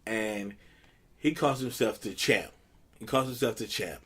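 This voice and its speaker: A man's voice: on the low side, a little slow, husky. A man hosting a casual podcast, telling a story with lots of laughter and loose slang. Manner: animated storyteller, laughs often. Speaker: podcast host.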